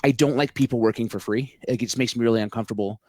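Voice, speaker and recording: A man's voice: medium pitch, fairly even intonation, very fast, a little mellow, no echo. A man telling a long story in a casual podcast chat, rambling with lots of filler words and swearing freely. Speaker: podcast guest, local event organizer.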